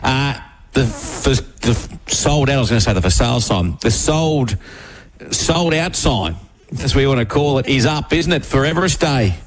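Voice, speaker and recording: An Australian man hosting a lively radio segment, his mid-pitched voice full of matey, upbeat chatter. He keeps the banter rolling with each caller, with a faint hiss under the mic. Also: normal speed. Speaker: radio host. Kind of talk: lively radio giveaway chat.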